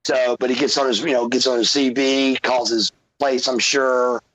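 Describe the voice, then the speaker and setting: A man's voice: mid-range voice, normal speed, poor audio. A man from Georgia, a podcast guest telling a profane story and acting out what people said. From Georgia, USA. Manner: animated, swearing, acts out quotes. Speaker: podcast guest, former pro wrestler.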